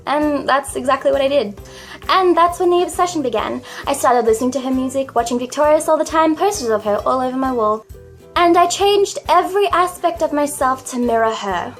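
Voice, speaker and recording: A woman's voice: animated, fast, faint music behind. A young woman in her late teens with an Australian accent, telling a personal story to camera in a chatty, self-mocking way and swearing casually. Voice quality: naturally high voice. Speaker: vlogger.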